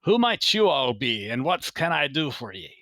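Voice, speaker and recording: A man voicing a short, fussy male quartermaster who talks in a brisk, chipper way and says "ye". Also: medium pitch, very animated, sharp tone, no echo, pitched above the performer's own voice.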